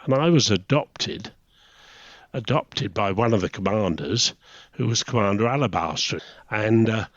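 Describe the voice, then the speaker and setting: An English man in his eighties, a retired naval officer, tells chatty anecdotes in a casual reminiscing interview, chuckling often. His lowish voice is animated and a little slow, captured in a dry, slightly dull recording with no room sound.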